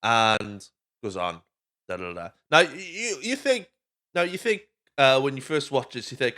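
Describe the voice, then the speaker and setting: A man's voice: mid-range voice, very animated, measured pace, bright, forceful tone. A Welsh man hosting a podcast, chatting casually through a movie recap, swearing freely and drifting off on tangents. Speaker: podcast host.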